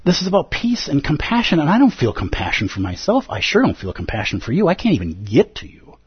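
A man teaching at a Zen center, giving an emphatic, animated dharma talk and acting out the inner voices of his listeners. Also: fairly high pitch, fast talker, husky, no echo, dull audio. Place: Zen center meditation hall.

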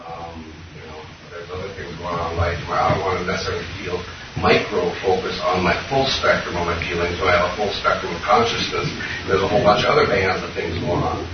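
Deep-voiced man far off in an echoey room. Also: level tone, fast, dull audio. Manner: hesitant, rambling, many fillers. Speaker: student asking a question. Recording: distant, echoey, noisy room mic.

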